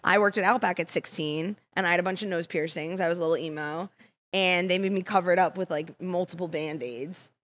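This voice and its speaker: A woman's voice: lowish voice, steady tone, a little fast, fairly bright tone. A woman chatting casually as a podcast guest, laughing often as she tells her stories. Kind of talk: casual chat.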